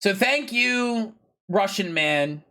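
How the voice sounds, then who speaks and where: A man's voice: high-pitched, expressive, takes it slowly, pushed and bright. A man streaming a video game, chatting casually with viewers in a rambling way, full of fillers and playful plugs. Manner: pushy, playful plugging. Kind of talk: casual live-stream chat.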